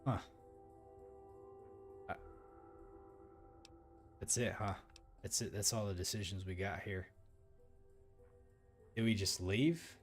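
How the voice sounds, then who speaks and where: A man with a very deep voice talks through a video game as he plays it. He rambles, circles back on himself, and leans on fillers. Quiet game music runs behind him. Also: fairly even intonation, takes it slowly, long pauses. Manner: rambling, loose, heavy with fillers. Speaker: let's play host. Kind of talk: let's play commentary.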